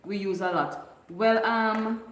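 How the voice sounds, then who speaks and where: A woman's voice: mid-range voice, steady tone, takes it slowly, reverberant, poor audio. Caribbean woman with a mixed island accent. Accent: Vincentian with Trinidadian and Grenadian traces. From Bequia, St Vincent and the Grenadines. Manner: laughs often, teaches local dialect phrases. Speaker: livestream host. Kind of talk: casual live chat with viewers.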